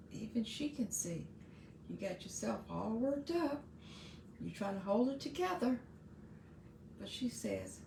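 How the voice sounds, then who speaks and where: A woman's voice: on the high side, lively intonation, measured pace, creaky, roomy sound, background noise. A middle-aged woman hosting her own podcast, giving casual, earnest advice to parents with frequent asides and restarts. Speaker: podcast host.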